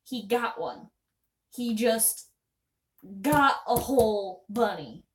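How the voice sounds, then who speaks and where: High-voiced chatty young woman streamer. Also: lively intonation, slow pace, slight background noise. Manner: chatty, self-deprecating, rambling. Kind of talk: casual live-stream chat.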